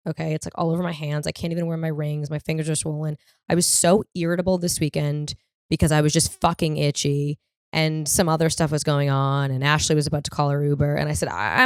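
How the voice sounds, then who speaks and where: A woman in her thirties delivers a comedic monologue in a fairly low voice, rambling and swearing freely as she acts out the people she quotes. The sound is dry and close, with no room around it. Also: steady tone, quick pace, dry recording. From US East Coast. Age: 30s. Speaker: podcast host.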